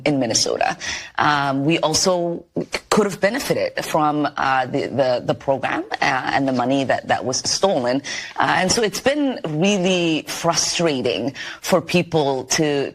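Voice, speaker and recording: A woman answering a news interview question in a hesitant, measured way, with many pauses and fillers. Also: a bass voice.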